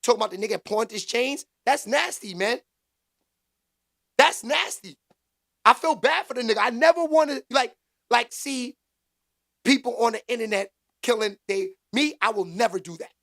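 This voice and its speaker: A man hosting a casual live stream, talking with the chat in slangy street talk and bursting into loud exclaims. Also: extremely high pitch, moderate pace, creaky, long pauses. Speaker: livestream commentary host.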